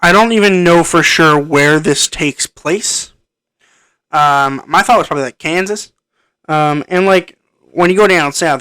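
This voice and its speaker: A slightly high, unhurried male voice comes across bright and forceful yet clean, in a dry recording. The movie reviewer rambles casually through his take on a film via a computer-connected microphone, hesitant and peppered with ums and restarts.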